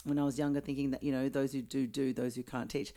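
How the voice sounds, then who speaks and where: A woman, co-hosting a podcast in a chatty, quick, self-deprecating way. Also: rumbling low, flat delivery, mellow. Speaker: podcast co-host. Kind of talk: casual chat.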